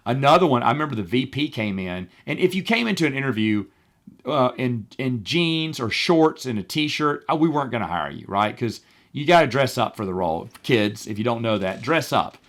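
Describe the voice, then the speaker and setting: A middle-aged man hosting a podcast, telling work stories in a casual, animated way with wry, exasperated asides, acting out the people he quotes. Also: medium pitch, brisk. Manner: animated, acts out quoted people in changed voices. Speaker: podcast host. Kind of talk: casual storytelling monologue.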